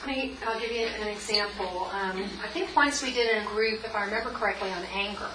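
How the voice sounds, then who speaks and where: A woman's voice: mid-range voice, fast talker. A woman in her forties leading a guided group tapping session, chatty and encouraging, with many fillers. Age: 40s. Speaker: workshop leader. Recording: echoey room, mic far off, faint noise.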